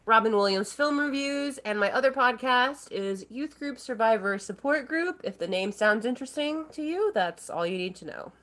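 A woman's voice: on the high side, animated, normal speed, few pauses, a bit bright. A woman guest on a podcast, chatting casually and giggling.

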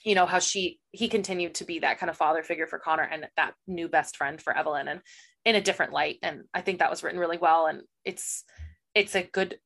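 A woman's voice: on the low side, quick pace, creaky, a bit bright. A woman co-hosting a casual book podcast, giving candid opinions. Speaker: podcast co-host.

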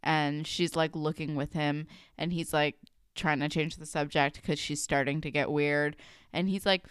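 Low-voiced young woman, candid chat. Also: fairly even intonation, normal speed, clean tone, no echo, clean studio sound. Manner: candid, sympathetic, swears casually. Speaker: podcast co-host. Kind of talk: casual recap chat.

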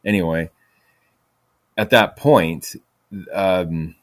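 A man's voice: low-pitched, drawn-out words, no room sound, studio quality. A man hosting a podcast, telling stories in a rambling way with many fillers and restarts. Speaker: podcast host. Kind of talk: casual storytelling monologue.

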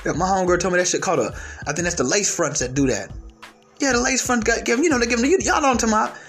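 High-voiced, stuttering man ranting brashly. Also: racing, faint music behind. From United States. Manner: brash, profane, animated. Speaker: vlogger. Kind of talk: comic opinion rant.

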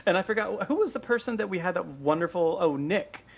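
A man co-hosting a podcast in casual chat, animated and chatty with lots of fillers and restarts. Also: high voice, brisk, gravelly, breathy edge. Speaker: podcast co-host. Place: at home with a dog nearby.

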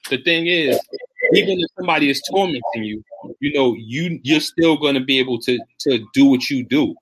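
A man's voice: mid-range voice, normal speed, fairly bright tone, a little hiss or hum, rough recording. A man interviewing a guest, encouraging her with short affirming replies. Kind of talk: supportive interview.

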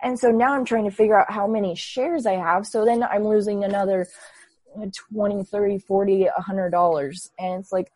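A woman in her twenties, a guest telling her story in a casual, animated way and acting out her own past thoughts. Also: mid-range voice, moderate pace, dry recording. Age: 20s. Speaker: interview guest.

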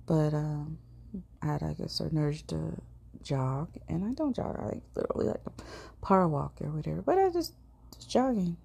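Low, gravelly woman telling a story. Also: lively intonation, moderate pace, warm tone. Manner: chatty, swears casually, drops into whispers. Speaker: podcast host. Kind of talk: casual storytelling monologue.

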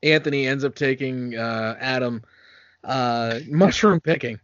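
A man's voice: medium pitch, a little slow, a bit bright, no echo, highs cut off. A man co-hosting a casual movie review chat, joking with sarcastic asides. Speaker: podcast co-host.

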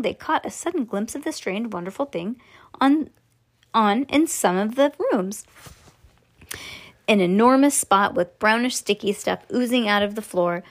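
A woman reading a children's book aloud to a child, relaxed, with slips and self-corrections along the way. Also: on the high side.

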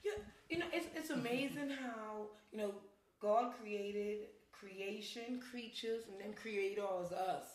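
A woman co-hosting a casual podcast, speaking in a relaxed, affirming way. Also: medium pitch, takes it slowly. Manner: relaxed, affirming with short agreements. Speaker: podcast co-host. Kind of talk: casual faith chat. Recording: echoey room.

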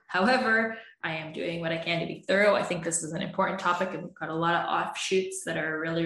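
A woman relationship coach with a lowish voice talks through how couples argue, earnest and explanatory. She slips into the partners' lines as she goes. The room around her rings with echo. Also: fairly bright tone. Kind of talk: advice podcast monologue.

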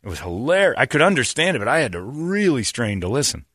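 A sarcastic man riffing in a casual comedy chat, his pitch leaping up and down. His voice is bright and forceful. The sound is dry and close to the mic. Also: fast talker, breathy edge, no echo. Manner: animated, sarcastic, bursts into put-on voices.

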